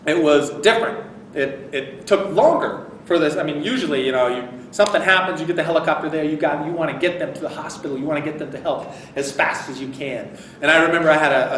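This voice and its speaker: A man's voice: medium pitch, a little hiss or hum. Man speaking in an echoey hall. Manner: conversational, animated when telling the story. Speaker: speaker at a convention. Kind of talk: inspirational speech, storytelling. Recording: echoey hall, recorded from far off.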